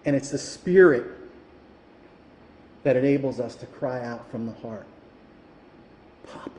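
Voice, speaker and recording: A man's voice: medium pitch, a little slow, a little mellow. A male pastor preaching a sermon that builds to fervent emphasis. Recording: echoey hall, reverberant.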